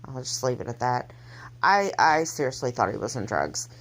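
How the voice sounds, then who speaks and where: A woman telling a personal story in a casual, halting way, with many pauses and restarts. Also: extremely low pitch, lively intonation. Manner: halting, hesitant, soft-spoken delivery. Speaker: mother telling her family's story.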